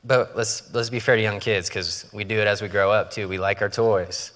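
A man's voice: on the low side, fairly even intonation, moderate pace, fairly bright tone. A man preaching a sermon in a conversational, joking way, often acting out quoted voices. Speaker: pastor. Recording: long reverb of a large hall.

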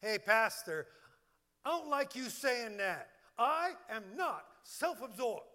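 A preacher putting on a defensive churchgoer. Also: male voice, extremely high pitch, sing-song, slow pace, bright, forceful tone, full character voice. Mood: indignant. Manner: protesting. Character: defensive male churchgoer objecting to the pastor. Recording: long hall reverb.

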